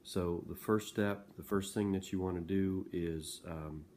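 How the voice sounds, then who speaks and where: Deep-voiced man teaching math. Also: fairly even intonation, unhurried, darkish tone, a little hiss or hum. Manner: conversational, frequent "okay?" check-ins. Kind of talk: classroom lesson to students.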